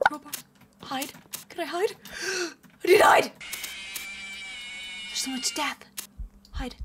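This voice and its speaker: Bubbly high-voiced woman gaming host. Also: big pitch swings, a little slow, long pauses, heavy background noise. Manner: bubbly, gasping, squealing reactions. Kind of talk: excited gameplay commentary.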